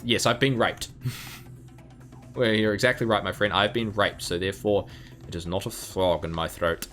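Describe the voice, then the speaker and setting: A man's voice: lowish voice, normal speed, fairly bright tone. Rambling, chuckling game streamer man. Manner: rambling, chuckling, frequent ums. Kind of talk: casual live gameplay commentary. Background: faint game music.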